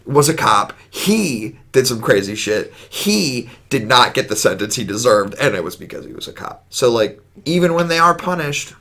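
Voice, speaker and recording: A young man co-hosting a casual podcast, ranting in an animated, profane way. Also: mid-range voice, normal speed, hardly any pauses. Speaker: podcast co-host.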